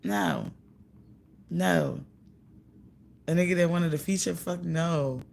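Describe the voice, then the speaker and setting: A vlogger with a low, creaky voice takes her time telling a story as a casual, profane rant, giggling and animatedly mimicking what others said.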